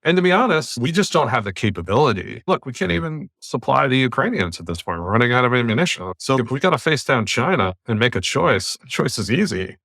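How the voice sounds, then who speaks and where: A man's voice: mid-range voice, quick pace, gravelly, hardly any pauses, dry recording, clean studio sound. Blunt, opinionated American man. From United States. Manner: blunt, opinionated, animated rants. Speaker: podcast host. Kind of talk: casual podcast discussion.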